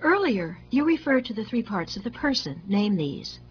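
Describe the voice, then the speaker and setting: A woman's voice: medium pitch, sing-song, moderate pace, highs cut off, a little hiss or hum, lightly acted. A woman reading aloud and voicing a stern interrogator who asks terse, demanding questions. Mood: probing.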